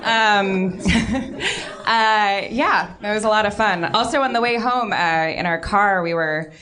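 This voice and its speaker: A woman's voice: medium pitch, slow pace, bright, forceful tone. A woman guest on a live comedy podcast, telling rambling stories and giggling often. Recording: live stage with audience noise.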